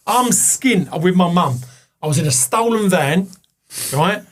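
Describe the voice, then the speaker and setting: A male guest with a husky, high voice and lively intonation tells a candid, sweary personal story at a measured pace in casual chat, acting out the voices of those he quotes.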